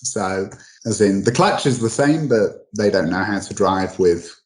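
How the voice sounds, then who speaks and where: Low-voiced male guest, halting explainer with many restarts, casual talk. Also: animated, darkish tone, poor audio. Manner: halting, full of restarts and fillers. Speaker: guest expert on English dialects.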